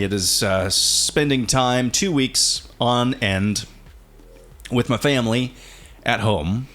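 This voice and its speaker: A man in his thirties co-hosting a podcast in a relaxed, casual chat, with many fillers and restarts. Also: medium pitch. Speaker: podcast co-host.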